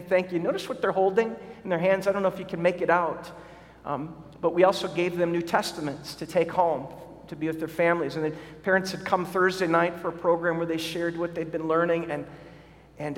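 High-voiced pastor preaching in a reverberant hall. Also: male voice. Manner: earnest, repeats words when starting sentences. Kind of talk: sermon.

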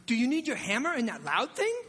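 Guy barely putting on a little girl asking her dad for help, high bright voice. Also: huge pitch swings, fairly quick, husky, heavily acted. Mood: innocent. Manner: quoted in a plain everyday voice. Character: little three-year-old girl, innocent and helpful.

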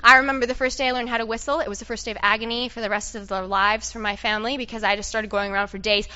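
High bright lady preacher hamming up a bible story, kinda dull muffled audio. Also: rapid-fire, a little hiss or hum. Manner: animated, playful, directs the audience and makes trumpet sounds. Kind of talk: lively sermon with audience participation.

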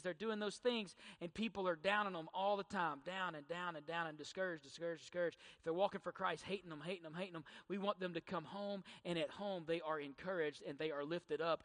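A man's voice: sits high, fairly bright tone. A middle-aged man preaching a sermon, using emphatic rhetorical questions and repetition. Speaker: pastor. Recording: church hall reverb.

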